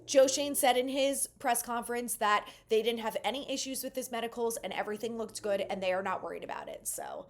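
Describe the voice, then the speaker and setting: A woman's voice: a little high, brisk, hardly any pauses. A young woman hosting a sports channel, giving casual, enthusiastic fan commentary. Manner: enthusiastic, animated fan talk.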